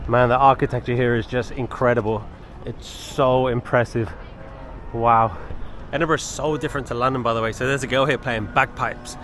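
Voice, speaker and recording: A man's voice: mid-range voice, steady tone, normal speed, a bit bright, a little hiss or hum. A man filming a walking travel vlog outdoors on city streets, chatty and enthusiastic, often exclaiming at what he sees. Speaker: travel vlogger.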